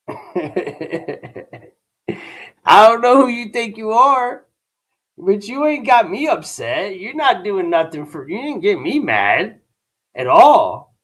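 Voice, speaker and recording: A man's voice: high voice, very animated, slow, long pauses. A tired adult man hosting a livestream and talking casually with his chat. He uses a lot of slang, says "bro" often and waves off a troll. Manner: dismissive toward a chat troll. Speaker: livestream host.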